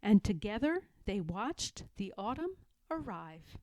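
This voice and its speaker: Expressive woman reading a picture book aloud. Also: mid-range voice, slow, dry recording. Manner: expressive, character voices for dialogue. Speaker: read-aloud narrator.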